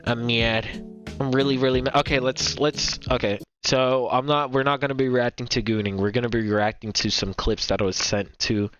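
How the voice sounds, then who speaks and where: A man's voice: mid-range voice, little pitch movement, moderate pace, few pauses, a bit bright, soft background music. A young man hosting a reaction video, rambling casually, repeating himself and filling gaps with "like" and "bro". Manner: rambling, repeats himself, heavy filler words. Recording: dry, slightly dull home mic.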